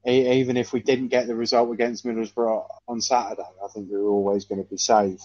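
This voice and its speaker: A man in casual football chat, hesitant and measured, often repeating himself. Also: on the low side, little pitch movement, a little mellow, dry recording. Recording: dull dry lo-fi sound.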